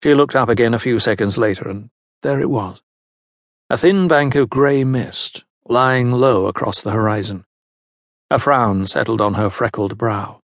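A man giving a measured, scripted narration of a historical novel. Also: medium pitch, no echo, clean studio sound. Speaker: audiobook narrator.

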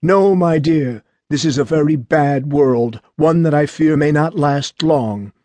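A man voicing a sick, bedridden old father who speaks weakly and slowly. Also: fairly high pitch, warm tone, no room sound, close to an everyday voice. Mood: weak, grave. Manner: weak, slow and breathy.

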